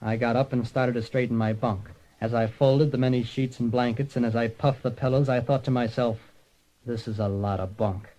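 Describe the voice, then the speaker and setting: A man's voice: medium pitch, fairly even intonation, moderate pace, warm tone, lightly acted. A man narrating and playing a bumbling, wisecracking private detective in a radio comedy. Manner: breezy, punning, self-satisfied. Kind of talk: comic radio narration and acting. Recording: dull lo-fi old radio recording.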